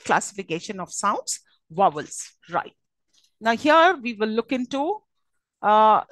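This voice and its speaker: Indian english lady teaching phonetics, lots of "you know" and "okay?", kinda high voice. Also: fairly bright tone, dry recording, poor audio. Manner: hesitant, many fillers and checking questions. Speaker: lecturer. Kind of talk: university lecture on phonetics.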